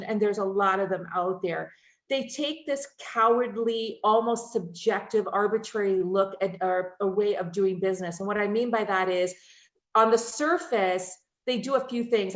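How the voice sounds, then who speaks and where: A woman hosts a casual talk show conversation in a room with an echo. She talks in long, winding sentences and often checks in with "right?". Her voice sits at a middle pitch. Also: a bit bright. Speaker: host.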